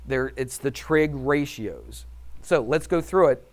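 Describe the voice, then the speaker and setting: A male math teacher leads a classroom lesson with an upbeat, chatty manner. He keeps tossing questions to the class and then answers them himself. His pitch sits in the usual middle range for a man. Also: animated, slow pace.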